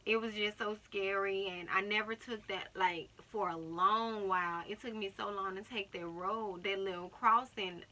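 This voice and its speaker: Bright-voiced young woman telling a story. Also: mid-range voice, moderate pace, few pauses. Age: young adult. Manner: animated retelling, acting out other people's words. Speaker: vlogger. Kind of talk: storytime vlog.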